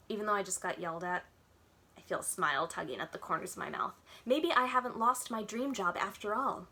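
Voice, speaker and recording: A woman, a children's librarian, reading a children's novel aloud in clear, even narration. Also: medium pitch, a little fast.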